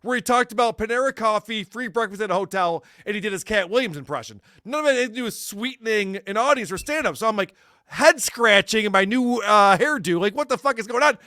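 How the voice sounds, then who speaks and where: A man's voice: high-pitched, expressive, fast, sharp tone, no room sound. A man co-hosting a casual comedy podcast, ranting in a sarcastic way and swearing a lot, close to the mic. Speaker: podcast co-host.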